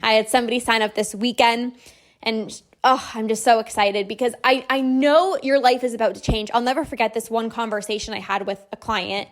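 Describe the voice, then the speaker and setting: A woman coach hosting her own podcast, talking up her program with bright enthusiasm and a steady stream of "like" fillers. Her voice sits a little higher than most women's. She sounds persuasive and casual rather than scripted. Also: a little fast. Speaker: podcast host and binge-eating coach. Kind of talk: promotional podcast monologue.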